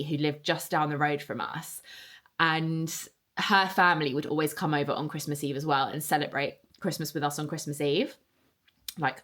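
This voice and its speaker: A woman's voice: low-pitched, fairly bright tone. Chatty woman podcaster, fond storytelling. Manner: chatty and nostalgic, many fillers and repeated words. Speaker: podcast host. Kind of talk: casual solo podcast storytelling.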